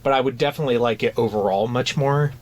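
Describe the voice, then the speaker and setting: A man's voice: medium pitch, quick pace. Man chatting casually, full of restarts. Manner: conversational, hesitant with many restarts and fillers. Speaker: podcast co-host. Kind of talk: casual chat.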